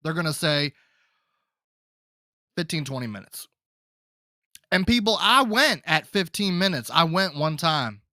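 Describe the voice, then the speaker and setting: A man's voice: fairly high pitch, lively intonation, moderate pace, hardly any pauses, sharp tone, no echo, studio quality. A man hosting his own podcast, talking to listeners in a loose, rambling way and calling them folks. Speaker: podcast host. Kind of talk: casual solo podcast chat.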